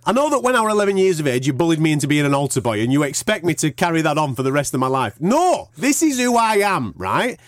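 A man, co-hosting a fight podcast and telling stories in animated casual chat. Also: fairly high pitch, rapid-fire, few pauses, no room sound, clean studio sound. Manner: animated storyteller, acts out quoted voices. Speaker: podcast co-host.

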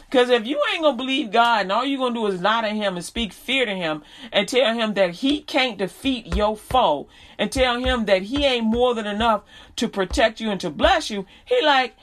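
Slangy preaching woman, fairly high voice. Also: expressive, normal speed. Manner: reads scripture then explains in casual slang. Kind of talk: sermon.

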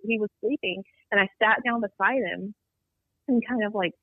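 A woman guest telling an eerie personal story in an animated, rambling way, acting out what people said. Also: medium pitch, moderate pace, dry recording. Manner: animated, rambling storyteller who acts out dialogue. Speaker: guest telling a Bigfoot encounter. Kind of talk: storytelling on a call-in interview. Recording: tinny dry phone line.

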